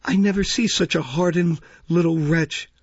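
A sly, fawning matron of a baby farm, as a man puts her on in a storybook reading, ingratiating and servile in a slightly raised, husky voice. The recording is dry and dull. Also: fairly high pitch, normal speed, no room sound. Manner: ingratiating and servile, sharp with the children.

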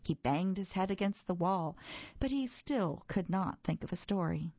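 A woman reading a children's book aloud with a husky voice, in a measured, expressive storytelling manner. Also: fairly low pitch, no echo, dull audio. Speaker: storybook reader.

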